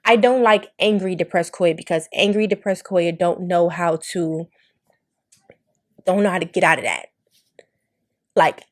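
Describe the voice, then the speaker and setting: A young adult woman talks straight into a podcast, raw and unfiltered. Her delivery is blunt and emotional, full of swearing, and she sounds like she is confessing rather than performing. Her voice sits at an ordinary middle pitch for a woman. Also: moderate pace. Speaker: podcast host. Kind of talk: candid monologue.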